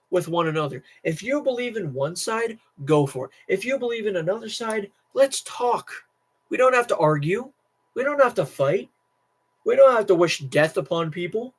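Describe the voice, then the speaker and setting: A tired teenage boy rants to his stream in a rambling, restless way. He keeps circling back, restarting his sentences and repeating himself. His voice sits a bit high for a young man. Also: expressive, normal speed, husky. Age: teens. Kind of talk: casual political rant to camera.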